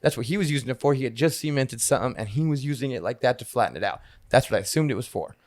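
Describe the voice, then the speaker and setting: A podcast co-host tells a rambling, profane story in casual chat. His medium-pitched voice is animated and rapid-fire, captured in studio quality with no echo.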